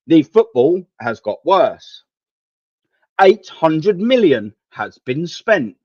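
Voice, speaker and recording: Young bloke, slightly high voice, fed-up sweary football rant to live chat; dry, muffled home mic. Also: male voice, very animated, slow, a little mellow, no echo. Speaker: football watchalong host. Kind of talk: live match watchalong commentary and rant.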